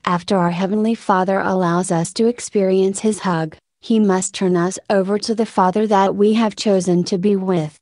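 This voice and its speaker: A woman's voice: mid-range voice, fairly even intonation, normal speed, few pauses, a little mellow, no room sound, clean studio sound. A woman speaking earnestly as she gives a religious testimony to a congregation, addressing them as brothers and sisters.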